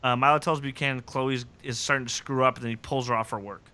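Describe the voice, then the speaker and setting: Fast and clear, with a resonant tone and mid-range pitch, a male podcast host casually recaps a TV episode. He animatedly acts out the characters' lines using put-on voices.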